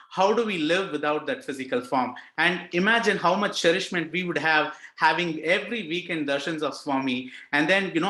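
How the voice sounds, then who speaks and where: In this devotional testimony, a young adult Indian man speaks with an Indian accent about his own experience, sincere, emotional and leaning on lots of filler words. His voice is a little high and sharp-toned, and the sound is roomy.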